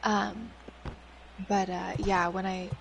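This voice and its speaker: A woman's voice: medium pitch, little pitch movement, slow pace, creaky, noisy background. A woman in her early twenties, chatting bluntly and swearing freely while playing a video game. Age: early 20s.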